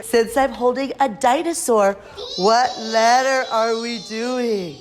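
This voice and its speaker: A woman's voice: on the high side, takes it slowly, a little hiss or hum. A woman teacher leading a phonics lesson for young children in a cheerful, sing-song manner.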